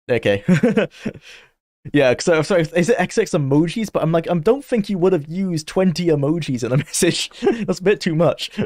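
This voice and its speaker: A young man chatting loosely as he streams a game, rambling and quick to laugh. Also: a little high, a little mellow, dry recording, studio quality. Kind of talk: casual live-stream gameplay commentary.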